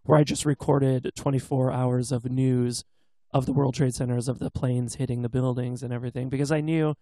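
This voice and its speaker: Man, 30s, casual co-host, gravelly voice, dry close sound, rambling storyteller. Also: medium pitch, level tone, fairly quick, warm tone, no echo. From US West Coast. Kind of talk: casual chat.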